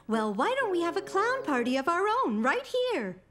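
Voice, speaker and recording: An actress voicing a patient, kindly grandmother in an animated children's series, speaking softly and coaxingly, with music underneath. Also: high-pitched, moderate pace, crowd noise. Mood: gentle. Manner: soft, coaxing, questioning.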